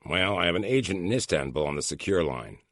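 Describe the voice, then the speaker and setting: A man's voice: sits low, big pitch swings, fast, fairly bright tone, no room sound, studio quality, exaggerated voice. A man voicing a morose young male agent who reports a problem in a glum, weary way in an audiobook.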